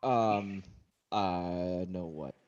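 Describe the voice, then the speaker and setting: A man's voice: sits low, drawn-out words, a little mellow, muffled recording. A man acting a confused patient in a comedy sketch, increasingly exasperated. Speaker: sketch actor playing a patient.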